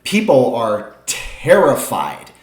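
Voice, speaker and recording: A man running a tabletop game as its game master, narrating scenes in a steady, descriptive way. His voice sits at a middling pitch. A roomy echo hangs around it. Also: takes it slowly.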